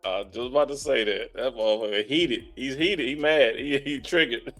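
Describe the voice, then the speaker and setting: A man's voice: mid-range voice, moderate pace, a bit bright. Laughing, teasing man, faint music behind. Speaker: podcast co-host. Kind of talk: casual reaction commentary.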